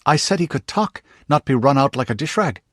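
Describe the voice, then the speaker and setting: A man voicing a brisk, protective healer woman who scolds sharply, in an audiobook. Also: medium pitch, lively intonation, dry recording, studio quality, pitched above the performer's own voice, close to an everyday voice. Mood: scolding.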